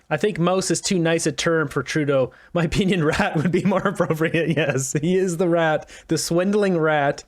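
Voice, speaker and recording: Male commentary vlogger, high voice, sarcastic chuckling reactions. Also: expressive, normal speed.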